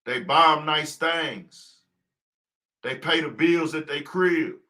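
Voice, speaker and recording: A man's voice: a little high, slow, bright, forceful tone. A man hosting a casual livestream talk show, preaching his point with rhetorical questions he answers himself. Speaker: podcast host.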